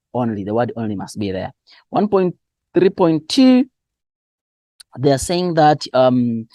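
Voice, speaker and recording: A man going through exam answers as a teacher, spelling out key terms slowly and asking and answering his own questions. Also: mid-range voice, darkish tone, dry recording, clean studio sound. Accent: Southern African English. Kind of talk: exam revision lesson.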